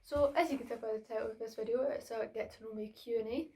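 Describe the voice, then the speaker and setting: A woman's voice: on the high side, fairly even intonation, quick pace, mellow, slight background noise. A young woman, chatting through a Q and A vlog filmed on her phone in her bedroom, slightly out of breath. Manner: chatty, rambling, with fillers. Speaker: vlogger. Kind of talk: casual Q and A vlog.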